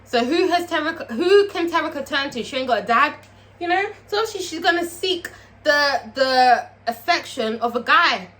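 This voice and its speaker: A woman recapping a TV episode in a casual vlog, profane and animated, talking straight to her viewers. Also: sits high, moderate pace. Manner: profane, animated, chatty, asks viewers questions. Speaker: TV show reviewer.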